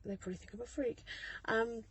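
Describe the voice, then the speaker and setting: A woman's voice: a little high, steady tone, brisk, husky, low-quality recording. A woman in her thirties talks into her phone from a parked car in a casual vlog, chatty and rambling with many ums and laughs. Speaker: mother vlogger.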